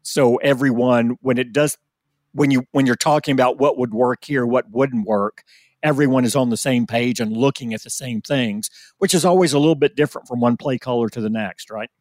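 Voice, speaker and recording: A man on a podcast panel explaining football in casual discussion, halting often with fillers and repeated words. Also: mid-range voice, a little mellow, no echo, studio quality. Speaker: sports journalist panelist.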